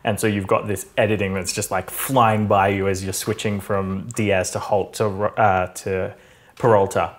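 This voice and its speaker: A man's voice: on the low side, normal speed. Chatty man retelling comedy scenes. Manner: animated, acts out scenes in put-on voices. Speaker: podcast co-host. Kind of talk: casual chat.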